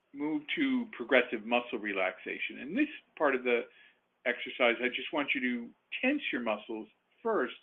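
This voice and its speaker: A man presenting a webinar, calmly guiding listeners through breathing and relaxation exercises, with frequent fillers and restarts. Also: medium pitch. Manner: calm, instructive, with fillers and restarts. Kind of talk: guided relaxation instruction. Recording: phone-like narrow band webinar audio.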